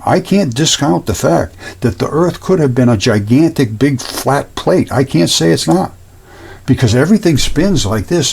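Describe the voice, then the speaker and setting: A man's voice: medium pitch, creaky, a little mellow, slightly rough. A man hosting his own channel, talking casually and earnestly over images, rambling and repeating himself. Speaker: host.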